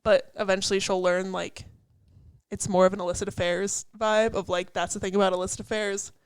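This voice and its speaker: A young woman in casual podcast chat, chatty and loose, leaning on "like" fillers and quick laughs. Her voice sits at a middle pitch and sounds close and dry, with no room around it. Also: little pitch movement, clean tone, no echo. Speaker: podcast co-host. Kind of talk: casual chat analyzing song lyrics.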